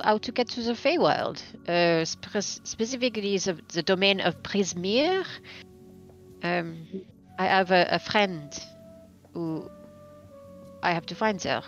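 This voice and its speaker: A woman's voice: mid-range voice, muffled recording. A woman voicing a courteous adventurer who speaks formally and hesitantly. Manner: polite, formal, hesitant with many fillers.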